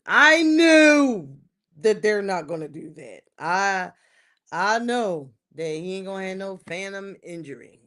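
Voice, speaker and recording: A woman hosting a livestream, ranting casually to her chat about her football team. She repeats lines for emphasis and swings between shouting and muttering. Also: medium pitch. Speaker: livestream host. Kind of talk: casual sports rant to live chat.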